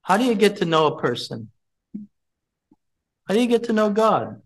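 A man's voice: sits high, big pitch swings, moderate pace, low-quality recording. A man leading a Bible study, teaching from scripture, repeating his points and putting questions to the group.

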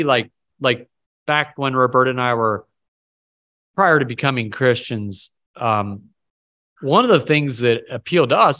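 A man's voice: medium pitch, a bit bright. Chatty man leading a Bible study. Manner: conversational, rambling, self-deprecating, asks the group questions. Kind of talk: casual Bible study teaching.

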